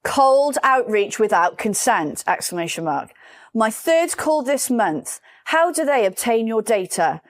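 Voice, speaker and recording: A woman co-hosts a podcast in casual chat, speaking at an ordinary mid pitch. She is blunt and expressive, swears freely and acts out what other people said. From Britain. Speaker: podcast co-host.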